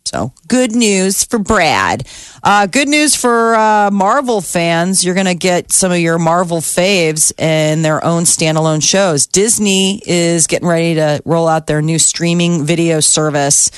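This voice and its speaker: A woman's voice: on the low side, a little slow, smooth, no room sound. A woman co-host chats her way through entertainment headlines with easy fillers. The sound is dry and close, with no room around her voice. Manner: chatty, reads celebrity news with fillers. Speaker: co-host reading entertainment news. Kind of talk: casual radio show chat. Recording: dry close studio mic.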